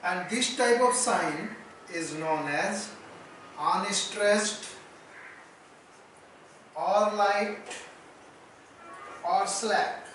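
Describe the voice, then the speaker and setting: Slow-lecturing man in an echoey room. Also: sits high, a bit bright, far from the mic, a little hiss or hum. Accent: Indian English. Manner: slow, deliberate explaining. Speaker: teacher. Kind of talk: lecture on poetry.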